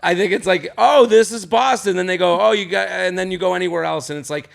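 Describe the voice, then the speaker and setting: Gravelly-voiced man in his thirties joking. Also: sits high, steady tone, a bit bright. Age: 30s. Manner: quick riffing jokes, playful. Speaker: podcast guest. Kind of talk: casual comedy chat.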